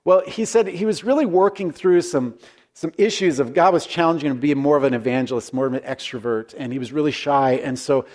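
Earnest folksy male pastor, slightly high. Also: brisk, a little mellow. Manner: earnest, folksy storytelling with frequent restarts. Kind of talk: conversational sermon.

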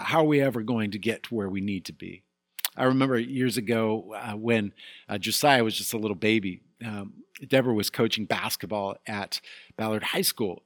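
A man's voice: medium pitch, fairly bright tone, no echo. A middle-aged pastor delivers a sermon in a candid, storytelling manner, now and then climbing to emphatic peaks. His voice sits mid-range for a man and the recording is close and dry.

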